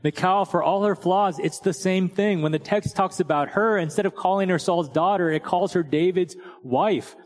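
A man's voice: sits high, normal speed, few pauses. A man preaching a sermon in a casual, conversational way, checking in with "right?" and telling stories and jokes. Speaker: pastor. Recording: long hall reverb.

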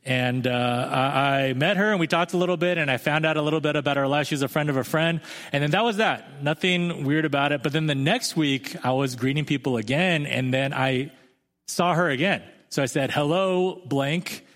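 Man, pastor, thirties, casual self-deprecating sermon, slightly high voice, church reverb. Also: fairly quick, fairly bright tone. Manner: conversational, self-deprecating storytelling. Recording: long hall reverb.

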